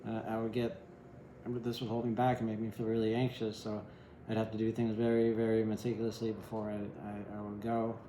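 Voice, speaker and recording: A man talks through a tarot spread in loose, meandering sentences, checking in with "right?" as he goes. His voice is mellow and relaxed, with wry, self-deprecating asides. The recording sounds roomy, with an echo around him. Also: on the low side, fairly quick, a little hiss or hum. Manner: rambling, keeps asking "right?". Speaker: tarot reader. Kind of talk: casual tarot reading. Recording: echoey room.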